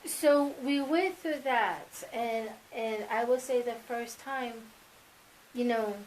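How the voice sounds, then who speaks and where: A mother speaking as an interview guest, telling family stories in a casual, animated way and acting out remembered dialogue. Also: a little high, takes it slowly, slight background noise, rough recording. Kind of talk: casual sit-down interview storytelling.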